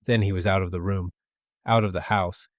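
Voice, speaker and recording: A man narrating a classic short story as an audiobook, in a steady, measured reading. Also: low voice, no echo. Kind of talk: scripted literary narration.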